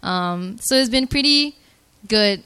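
A young woman from Malaysia, giving an earnest and softly emotional personal faith testimony at a church gathering, hesitant and full of filler words. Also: fairly high pitch, expressive, takes it slowly, clear, resonant tone, no echo.

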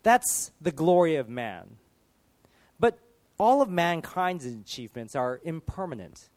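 Emphatic preacher with a higher voice. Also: male voice, sing-song, measured pace. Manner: emphatic, rising and falling rhetorical questions. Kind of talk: sermon.

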